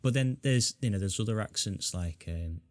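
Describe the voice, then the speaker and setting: A man's voice: lowish voice, normal speed, no room sound. A young man with a neutral northern English accent hosting a casual podcast chat, rambling a little and restarting his sentences. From England. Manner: rambling, many restarts, puts on accents for fun. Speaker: podcast host.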